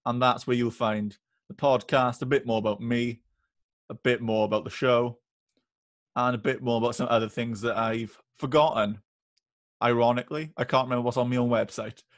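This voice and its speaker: A man's voice: mid-range voice, fairly even intonation, normal speed, dry recording, studio quality. A young man, a student, chatting casually as a podcast guest, hesitant and easygoing. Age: young adult. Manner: hesitant, restarts and fillers, easygoing.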